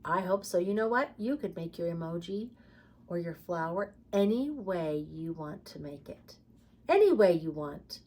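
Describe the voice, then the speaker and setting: A woman reading a picture book aloud and leading a preschool lesson with songs, speaking slowly and encouragingly to small children. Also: mid-range voice. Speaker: preschool teacher.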